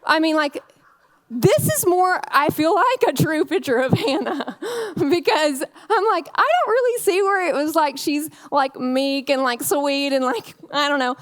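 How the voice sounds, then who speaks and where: A woman's voice: high-pitched, lively intonation, measured pace. A woman preaching a conversational sermon in a candid, chatty way, full of fillers and frequent laughs.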